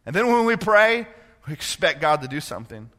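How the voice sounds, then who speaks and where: A man preaching a sermon, moving from quiet personal storytelling to impassioned, rising preaching. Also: on the high side, big pitch swings, fairly quick, big-room sound. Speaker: pastor.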